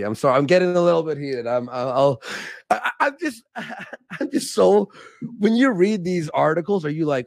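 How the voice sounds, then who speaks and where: A man's voice: on the high side, expressive, fairly quick, vocal fry, dry recording. A young man from Canada in casual livestream chat, rambling and getting heated, swearing and stumbling over restarts. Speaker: streaming guest.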